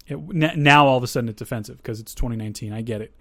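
A man's voice: mid-range voice, very fast, a bit bright, no echo, clean studio sound. A man hosting a faith podcast, talking casually and thinking aloud with asides and restarts. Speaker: podcast host.

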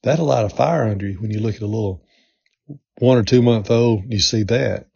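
Husky, mellow-voiced man coaching on a podcast. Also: fairly low pitch, brisk, no room sound. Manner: earnest, repetitive coaching delivery. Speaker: podcast host. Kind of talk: motivational podcast talk. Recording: dull lo-fi sound.

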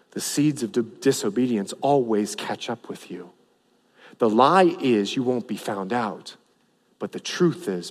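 A man preaching a sermon as a pastor, animated, acting out the people in his story with a voice that rises and drops. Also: medium pitch, normal speed. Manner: animated, acts out the people he preaches about, voice rising and dropping. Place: church sanctuary. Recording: long hall reverb.

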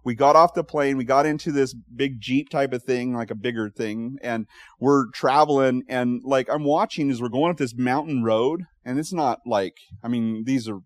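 A man preaching to his congregation in a dry, close recording. He tells stories with energy, laughing as he goes and acting out what people said. His pitch sits in the middle of the male range. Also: dry recording. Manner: animated storytelling, laughs often, acts out quotes. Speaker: pastor. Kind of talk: sermon.

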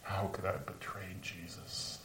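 A man plays the apostle Peter in a first-person monologue, speaking earnestly about his regret over the denial and falling to whispers when grief hits, in a large room with a live audience. His low voice is flat, a little slow, and fairly bright. The distant mic captures roomy sound and slight background noise.

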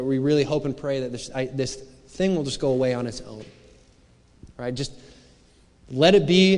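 A man's voice: medium pitch, darkish tone. A man preaching a sermon as pastor, talking in a conversational, searching way full of rhetorical questions. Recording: long hall reverb.

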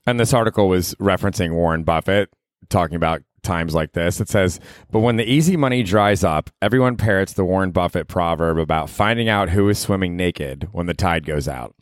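A man's voice: deep voice, a little fast, no echo, clean studio sound. A young man hosting his own podcast as a comedian, telling rambling, profane stories in a loose, casual way. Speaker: podcast host. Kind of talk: casual solo podcast chat. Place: small apartment.

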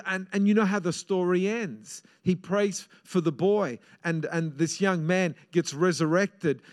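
A man preaching a sermon, emphatic and repetitive, swinging between loud and hushed delivery. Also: sits high.

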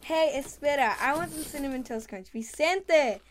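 A woman's voice: sits high, lively intonation, moderate pace, slight background noise. A woman voicing a whiny, bratty younger sister. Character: whiny little sister, squabbling over cereal.

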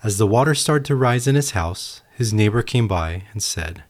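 Low-voiced guy doing a reflective solo podcast, earnest storytelling. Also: lively intonation, moderate pace, hardly any pauses. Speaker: podcast host.

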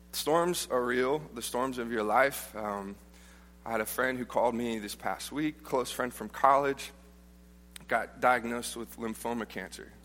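A man's voice: medium pitch, pushed and bright. A man preaching a casual, joking sermon built on personal stories, often restarting his sentences. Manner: humorous, informal, frequent restarts. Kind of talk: conversational sermon with storytelling. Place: church auditorium. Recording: long reverb of a large church hall.

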